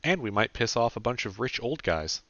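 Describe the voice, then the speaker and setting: A man's voice: medium pitch, sing-song, moderate pace, fairly bright tone, no echo, dull audio, pitched above the performer's own voice. A man voicing a casual young man who talks in an offhand, joking way. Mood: wry.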